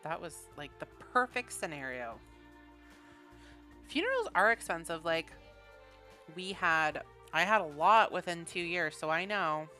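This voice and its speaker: Chatty woman with a bright voice. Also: fairly low pitch, sing-song, measured pace, faint music behind. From Canada. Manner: rambling, chatty, laughs often. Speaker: gaming streamer. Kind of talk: casual chat while building in a video game.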